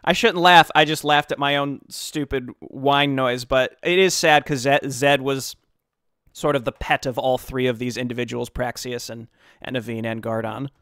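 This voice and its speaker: A man talks casually as he reacts to a story-driven game, thinking aloud and trailing into fillers. His voice sits at an ordinary middle pitch, recorded dry and close. Soft game music plays faintly underneath. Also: steady tone, moderate pace, clear, resonant tone, no room sound. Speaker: gaming streamer.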